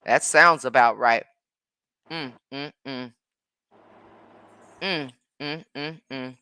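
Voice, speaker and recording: Sassy woman live-streamer with a bright voice. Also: very deep voice, clean tone, dry recording. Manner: sassy and combative, with drawn-out mm-mms and terms like baby and honey. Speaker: live-stream host reading viewer comments. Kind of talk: casual live-stream chat.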